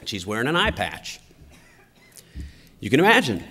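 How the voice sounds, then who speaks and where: A middle-aged man giving a storytelling political speech at a conference, with an animated, anecdotal delivery. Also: medium pitch, normal speed. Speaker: conference speaker. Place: large conference hall. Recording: long hall reverb.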